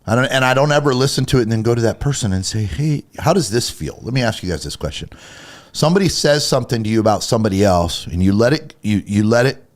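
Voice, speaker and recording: A man's voice: fairly low pitch, lively intonation, fast talker. A man co-hosting a Christian talk show, getting heated and emphatic as he acts out little quoted conversations. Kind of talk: casual faith talk, preachy.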